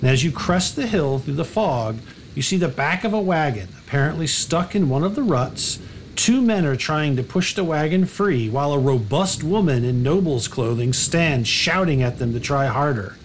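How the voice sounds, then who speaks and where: A man's voice: on the high side, animated, normal speed, a little hiss or hum. Rambling man narrating a tabletop game. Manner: loose, rambling narration full of uh and like. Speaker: game master.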